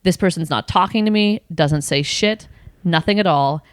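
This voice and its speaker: Woman spilling a work story, animated, swears a lot, lowish voice, dry close mic. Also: normal speed, clean tone, dry recording. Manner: animated, swears freely, acts out her own quoted outbursts. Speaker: podcast guest. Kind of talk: casual storytelling chat.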